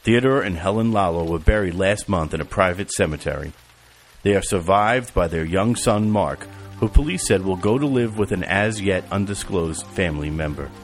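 A man narrating an audiobook in an even, measured reading style. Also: deep voice. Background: music and rain.

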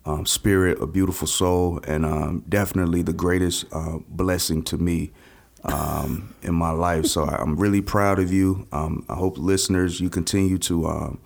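A man speaking as a guest on his wife's podcast, heartfelt and halting, with many ums. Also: low-pitched, fairly even intonation, vocal fry. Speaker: podcast guest, host's husband. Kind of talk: casual podcast interview.

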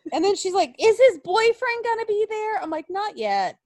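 Female co-host, casual chat, bouncy high voice with lots of swing, recorded dry. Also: dry recording. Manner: animated, quick, profane storytelling with impressions. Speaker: podcast co-host.

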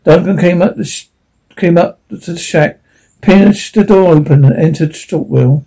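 A man narrating an audiobook in an unhurried way, with some stumbles and restarts. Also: a little high, gravelly, dark tone, slightly rough, rough recording.

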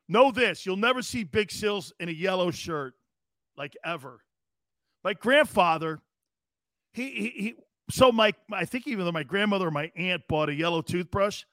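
A man hosting a sports talk show, telling rambling, profane stories in a loud, brash way. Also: high voice, moderate pace, no room sound, studio quality. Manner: loud, brash, profane storytelling with acted-out quotes.

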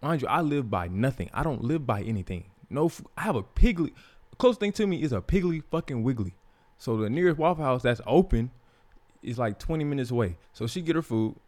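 A young man with a medium-pitched, fairly quick voice hosts a podcast and tells a personal story. He's candid, casual and profane, getting animated when he quotes others.

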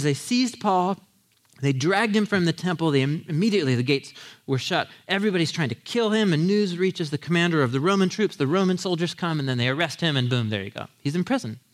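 A man preaching a sermon, telling the story with animated quoted voices and asides to the congregation. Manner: animated storytelling, acting out quotes with big pitch jumps; asides with audience, laughing. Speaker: pastor.

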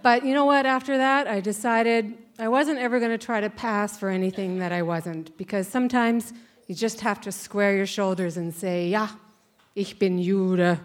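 On a stage before a live audience, a woman in her sixties tells a wry personal story in a conversational way, acting out the voices of the people involved. She speaks with a medium pitch at a moderate pace.

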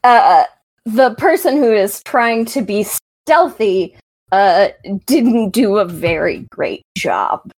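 A woman game master describing a tabletop scene. She speaks slowly and pauses often with fillers as she works out the details. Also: medium pitch, animated, darkish tone. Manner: hesitant, many fillers.

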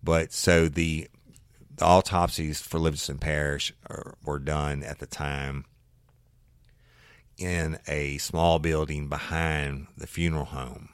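Very deep-voiced man. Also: level tone, takes it slowly, clear, resonant tone, no echo, clean studio sound. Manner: folksy, enthusiastic, rambling. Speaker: podcast host, former detective. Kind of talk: casual true-crime storytelling.

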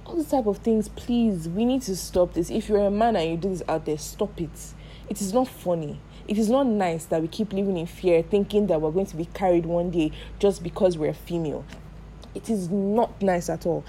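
A young Nigerian woman vlogging, telling a personal story in a lively, emphatic way and repeating phrases for stress. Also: fairly low pitch, slight background noise, poor audio. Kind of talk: casual storytelling to camera.

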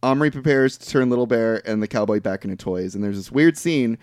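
A man's voice: mid-range voice, brisk, darkish tone, no echo, clean studio sound. A man hosting a podcast who casually retells a movie plot, rambling with fillers and the odd swear word. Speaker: podcast host.

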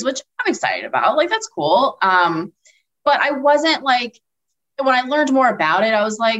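A woman's voice: medium pitch, expressive, moderate pace, a bit bright, low-quality recording. A woman chatting casually as a podcast panelist, rambling and heavy on filler words. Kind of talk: casual chat.

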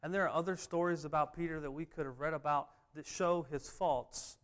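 A man preaching a sermon, his voice sitting somewhat high for a man. He hammers home his points with repeated refrains and an emphatic, earnest delivery. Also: steady tone, a little fast, fairly bright tone. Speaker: pastor.

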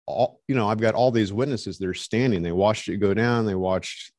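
Low-voiced man telling a story, dry sound. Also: moderate pace, a little mellow, no echo. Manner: rambling, many fillers and restarts. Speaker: interview guest, street evangelist. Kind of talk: casual storytelling in an interview. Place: Montana resident.

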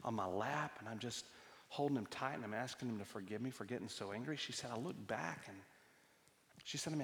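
A man's voice: mid-range voice, brisk, creaky, a bit bright, long reverb tail. A man preaching a sermon, telling personal stories in a conversational way with frequent restarts. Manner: storytelling, conversational with many restarts. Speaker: pastor. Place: church hall.

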